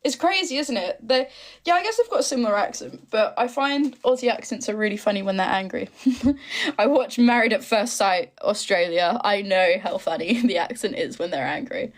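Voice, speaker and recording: A chatty, giggly English woman in her twenties from the east of England, hosting a casual live stream and answering viewer comments. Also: medium pitch. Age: 20s. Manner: chatty and giggly, quick asides. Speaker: livestream host.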